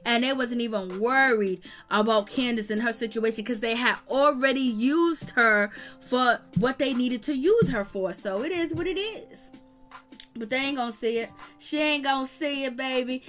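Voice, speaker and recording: A woman's voice: a little high, normal speed, a bit bright, soft background music. A woman giving blunt, slangy, scolding commentary on reality TV. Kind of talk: casual commentary.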